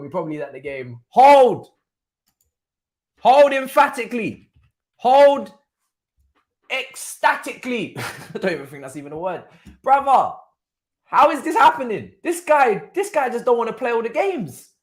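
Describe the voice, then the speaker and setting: Excitable man. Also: high-pitched, a little fast. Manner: excitable, slangy, thinking aloud. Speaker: watchalong streamer. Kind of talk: live football watchalong commentary.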